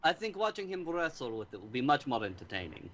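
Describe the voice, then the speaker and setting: A man's voice: a little high, big pitch swings, fast, a bit bright, dull audio, a little hiss or hum. A man playing a tabletop game, talking in a dry, understated way. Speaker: player. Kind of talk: casual tabletop chat.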